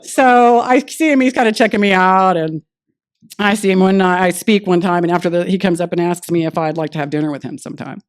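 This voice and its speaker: A woman speaking at a recovery meeting, telling her personal story in a lively way and acting out the dialogue she recalls. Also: fairly low pitch, a little fast, clear, resonant tone. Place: meeting room.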